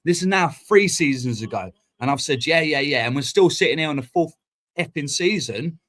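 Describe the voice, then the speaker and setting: A man, hosting a fan live stream and ranting in a heated, sweary, rapid-fire way. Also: fairly high pitch, expressive, a bit bright. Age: 40s. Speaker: fan channel host. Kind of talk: casual live-stream rant. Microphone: streaming mic.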